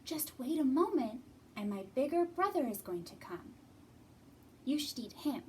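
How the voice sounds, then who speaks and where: Woman doing a tiny squeaky billy goat. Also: very animated, a little hiss or hum. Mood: pleading. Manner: high, pleading, quick. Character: littlest billy goat, small young male, timid.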